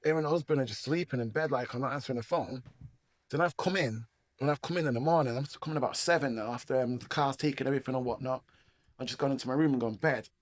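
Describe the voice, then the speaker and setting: A man's voice: mid-range voice, fast talker, no echo. A middle-aged man with a Manchester accent telling his life story as a guest, rambling with slang and acting out the voices of people in it. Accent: Manchester English. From England. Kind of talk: personal testimony storytelling.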